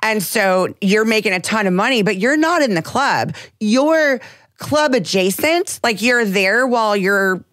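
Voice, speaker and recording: A woman's voice: mid-range voice, animated, a little slow, a bit bright, dry recording, clean studio sound. A woman co-hosting a podcast in casual chat, talking candidly and with emphasis. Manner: candid, emphatic, swears freely. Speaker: podcast co-host.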